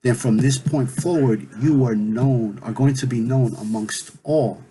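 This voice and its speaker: A stern, all-knowing god-king of legend, speaking slowly and firmly, as a man telling the story puts him on. The voice sits at an ordinary male pitch, with a faint hiss of noise behind it. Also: natural voice, rough recording. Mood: solemn. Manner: stern, measured, then gentle.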